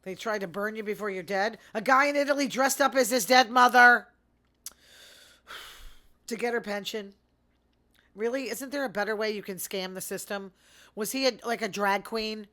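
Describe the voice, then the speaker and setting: A middle-aged woman hosting her own show, chatting in a rambling, sarcastic way and talking fast. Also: mid-range voice, bright, forceful tone. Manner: fast talker. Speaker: podcast host. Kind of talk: casual solo commentary.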